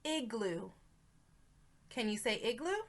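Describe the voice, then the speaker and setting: A woman teaching a video lesson to preschool children in a slow, encouraging, sing-song way. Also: fairly high pitch, sing-song.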